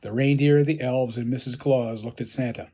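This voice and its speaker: Husky-voiced man reading a story deadpan. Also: medium pitch, moderate pace. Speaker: author reading his own story. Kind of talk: read-aloud storytelling.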